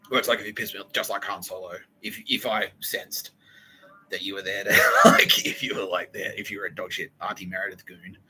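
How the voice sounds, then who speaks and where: A man's voice: sits low, sharp tone, a little hiss or hum, low-quality recording. A man hosting a podcast in a profane, rambling monologue, laughing and acting out quotes. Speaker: podcast host.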